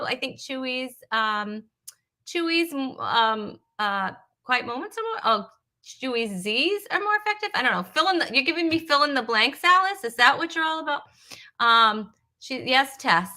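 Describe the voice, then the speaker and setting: A woman's voice: high-pitched, animated, unhurried, bright, forceful tone. A woman from Rhode Island hosting a live comedy stream, chatty and teasing, rambling with fillers as she greets viewers. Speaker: host.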